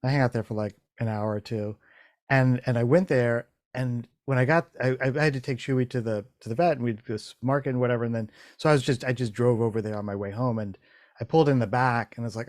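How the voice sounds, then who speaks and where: A man's voice: mid-range voice, fairly quick, darkish tone, no echo, clean studio sound. A man hosting a casual chat, telling a rambling story full of restarts and swearing, acting out his own thoughts in quotes. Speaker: podcast host.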